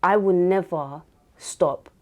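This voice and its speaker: A podcast host, a woman whose voice sits a little low. She talks in a casual, animated way, laughing as she tells stories. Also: takes it slowly. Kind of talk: casual interview chat.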